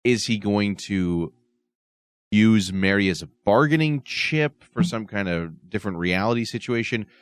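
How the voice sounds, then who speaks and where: A man's voice: fairly low pitch, a little slow, clean tone, dry recording. A man hosting a podcast, casually analyzing a TV episode and swearing freely. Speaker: podcast host. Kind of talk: casual chat.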